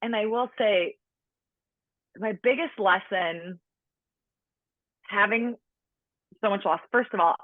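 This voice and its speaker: Slow and pausing often, a medium-pitched woman in her late 30s recounts her own story as a podcast guest. She's chatty, uses "like" frequently, and performs the people she quotes. The recording has a tinny phone-line quality, dry and without echo.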